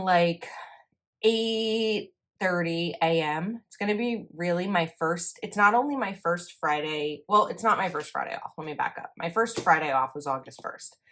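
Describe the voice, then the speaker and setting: This planner vlogger is a young woman whose slightly bright voice sits on the low side. She rambles a bit and catches her own mistakes in a chatty voice-over while planning, speaking at a measured pace.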